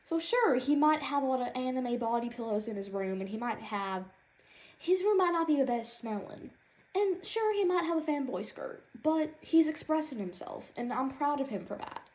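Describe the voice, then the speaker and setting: A woman's voice: high voice, sing-song, moderate pace, darkish tone, low-quality recording. A woman doing a comedic in-character rant as a proud mother, sassy and rambling, indignant on her son's behalf. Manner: sassy, rambling, indignant, with Southern-style turns of phrase. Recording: noticeable background noise.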